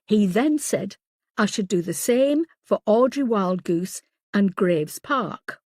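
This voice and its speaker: A woman's voice: mid-range voice, lively intonation, a little mellow, dry recording, studio quality. Woman reading as an urgent male detective. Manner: tense, hurried.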